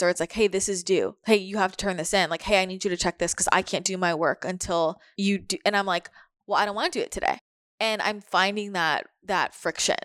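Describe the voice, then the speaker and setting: Speaking in a fairly low, slightly bright voice, a woman chats candidly on a podcast, occasionally cursing and voicing her own inner thoughts aloud as quotes. The audio is dry and studio quality.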